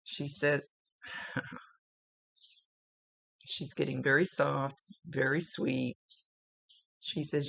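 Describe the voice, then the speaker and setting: A woman's voice: deep voice, fairly even intonation, drawn-out words, vocal fry, pauses often, fairly bright tone, no echo. A woman working as a psychic medium, talking through a spiritual reading in a rambling, casual way, often searching for words.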